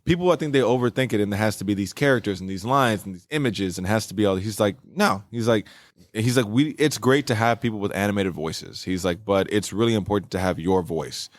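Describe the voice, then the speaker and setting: A man's voice: on the low side, no echo, studio quality. A man co-hosting a casual podcast chat at a convention, rambling with lots of "like" and "man". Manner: fast, rambling, heavy on "like" and "man". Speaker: podcast co-host.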